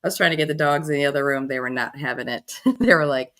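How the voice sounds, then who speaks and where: A middle-aged woman hosting a casual livestream, chatty and warm with her viewers, greeting them by name and laughing often. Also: low-pitched, fairly quick. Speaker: livestream host.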